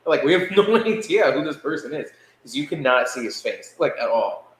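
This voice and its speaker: A man co-hosting a podcast, telling a story in a casual, animated way and laughing as he acts out what others said. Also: medium pitch, moderate pace, a little hiss or hum. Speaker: podcast co-host. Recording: echoey room with faint ambience.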